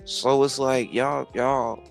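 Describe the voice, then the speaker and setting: A man co-hosts a gossip livestream and chimes in with easygoing, slangy commentary. His voice has a middling pitch for a man. Faint music runs underneath. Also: level tone, slow, gravelly. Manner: laid-back slangy commentary. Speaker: co-host. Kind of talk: casual gossip chat on a livestream.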